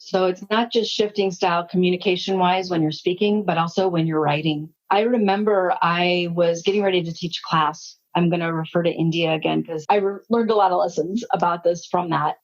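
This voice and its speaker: A woman in her sixties, a leadership consultant, telling anecdotes in an interview and acting out the dialogue. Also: fairly low pitch. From United States. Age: 60s. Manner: anecdotal, animated, acts out quoted dialogue. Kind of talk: storytelling interview talk. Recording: slightly muffled audio.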